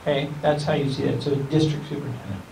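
A man's voice: medium pitch, steady tone, quick pace, creaky. A man, a county school superintendent, talking informally to a group, rambling and correcting himself with small chuckles. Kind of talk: informal talk to a civic group. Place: meeting room. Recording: echoey room, distant mic, faint hiss.

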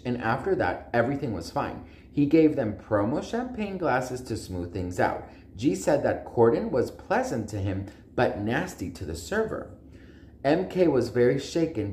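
A man giving casual gossip commentary in a sassy, animated way, swearing freely. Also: lowish voice. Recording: roomy echo.

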